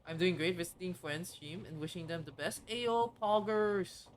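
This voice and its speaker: A woman streaming live, chatting casually and bubbly, greeting her chat with excitement. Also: sits low, fairly quick.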